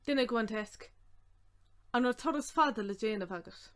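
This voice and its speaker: A woman with an Irish accent teaching a language lesson, saying phrases slowly and repeating them word by word before explaining them. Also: fairly high pitch. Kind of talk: slow, clear language lesson.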